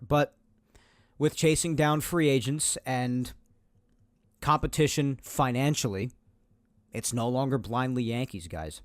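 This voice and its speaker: A man's voice: mid-range voice, no echo, clean studio sound. A man hosting a solo sports podcast, making his points emphatically and repeating them to drive them home. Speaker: podcast host. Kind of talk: opinionated solo sports talk.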